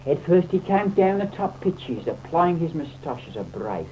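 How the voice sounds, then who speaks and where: A man's voice: fairly high pitch, very animated, normal speed. A man reciting comic verse in a theatrical, mock-dramatic way, on a dull, slightly noisy old recording. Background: audience laughter.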